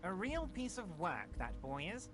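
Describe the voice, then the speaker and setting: A smooth, ingratiating union boss who reassures while scheming. His delivery swoops up and down, and game music plays clearly behind him. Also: medium pitch, wildly swooping pitch, measured pace.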